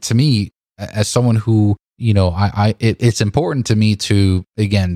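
A man with a fairly low voice, co-hosting a casual podcast chat. He talks in an animated, indignant way and stumbles through restarts. The recording is dry and close. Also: dry recording. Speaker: podcast co-host.

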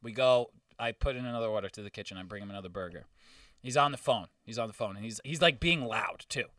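A young man in casual chat, telling profane, animated stories and acting out the people in them. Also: on the low side, quick pace, dry recording, clean studio sound, far from the mic. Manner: profane, animated storytelling with acted-out quotes.

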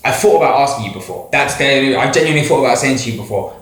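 Young man, teasing friend in casual chat, lively pitch, recorded in a very echoey room. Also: fast talker. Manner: teasing, laughs often, talks in long lists. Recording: very echoey room, faint noise.

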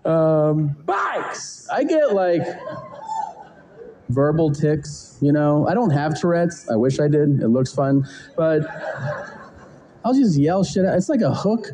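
Mellow-voiced profane stand-up comic. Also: male voice, a little high, takes it slowly, pauses often, a little hiss or hum, rough recording. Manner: profane, laughing, deadpan asides. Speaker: stand-up comedian. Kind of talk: stand-up monologue.

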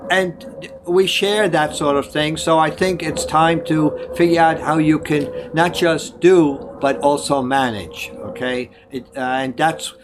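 Older man, slightly high voice. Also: steady tone, a little slow, background noise. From Germany. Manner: discursive, advice-giving, frequent self-corrections. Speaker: guest. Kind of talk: conversational interview.

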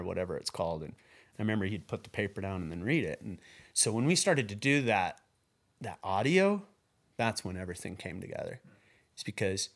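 A man recalling his work as a filmmaker in a casual, halting way, full of restarts, his voice dropping soft at emotional points. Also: medium pitch. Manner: halting and repetitive, many restarts and fillers; earnest, voice drops soft when moved. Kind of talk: casual spoken recollection.

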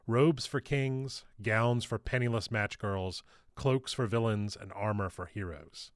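A man reading his own novel aloud in steady, measured audiobook narration. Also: on the low side, smooth, no echo, clean studio sound.

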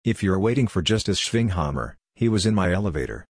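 A man's voice: deep voice, expressive, brisk, dry recording, studio quality. A man voicing a polite, businesslike male detective in an audiobook. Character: male detective, out of place, eager to finish quickly. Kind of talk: audiobook character voice.

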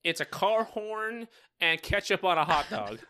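An American man trades crude jokes on a comedy podcast in a bright, fairly high voice that bounces up and down. His delivery stays playful and goofy throughout. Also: very animated, a little slow, clear, resonant tone. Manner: joking, crude asides, goofy bits. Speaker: podcast co-host. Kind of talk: casual comedy podcast chat.

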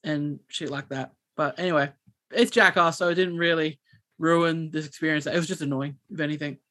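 Aussie guy telling a story on a podcast, kinda high voice, keeps restarting sentences. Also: brisk. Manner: rambling, animated, many restarts. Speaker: podcast co-host. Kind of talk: casual chat, storytelling.

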